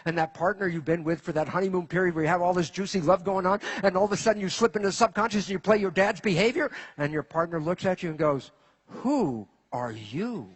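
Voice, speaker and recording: A man giving a lecture to a live audience, animated and throwing rhetorical questions at the listeners. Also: high voice, fast talker, few pauses, slightly rough. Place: in front of an audience.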